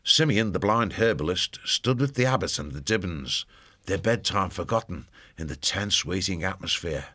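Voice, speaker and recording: A man narrating an audiobook in a steady storytelling manner. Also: low-pitched, moderate pace.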